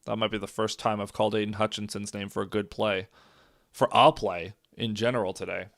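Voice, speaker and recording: A man's voice: fairly low pitch, level tone, a little fast, gravelly. A man doing live reaction commentary on a football game, calling plays and reacting with exasperation. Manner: exasperated, frequently shouts and laughs in disbelief.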